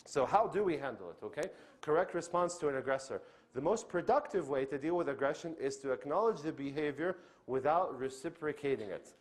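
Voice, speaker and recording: A man's voice: a little high, lively intonation, brisk. A man, a doctor giving an earnest religious lecture, who asks the audience questions, answers them himself and often checks in with "okay?".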